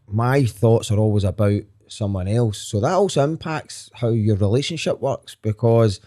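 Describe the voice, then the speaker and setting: A man's voice: lowish voice, normal speed, warm tone. A Scottish comedian in his thirties, talking as a podcast guest in a frank, earnest way, telling stories and swearing casually. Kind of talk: candid conversational storytelling.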